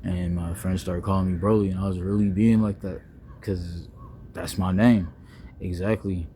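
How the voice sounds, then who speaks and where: A young man, rambling playfully in a casual vlog monologue, full of slang, restarts and deliberately wordy phrasing. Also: deep voice, level tone, mellow, slight background noise. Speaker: vlogger.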